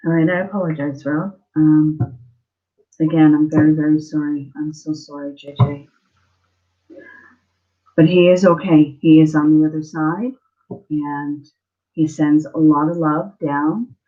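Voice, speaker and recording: A woman hosting a live-stream spiritual reading as a psychic, speaking tenderly and emotionally, halting and repeating herself with many fillers. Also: low-pitched, steady tone. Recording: slightly muffled lo-fi stream audio.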